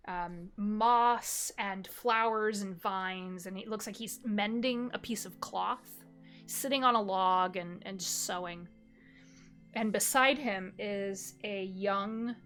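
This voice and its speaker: A woman narrating a tabletop game as game master, telling scenes slowly with descriptive detail and fillers. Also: medium pitch, a bit bright. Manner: slow, descriptive storytelling with fillers.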